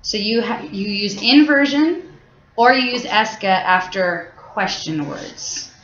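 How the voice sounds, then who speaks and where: Speaking slowly with lively intonation, a French teacher whose voice is medium-pitched and fairly bright gives a casual, rambling high school lesson full of fillers and restarts. The classroom recording is echoey, dull and lo-fi.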